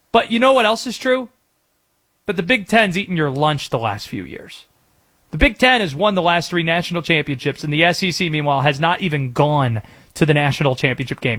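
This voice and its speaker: Man, sports radio host, sarcastic rant, higher voice, swings up and down a lot. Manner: sarcastic, mocking, animated. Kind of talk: opinionated sports talk radio.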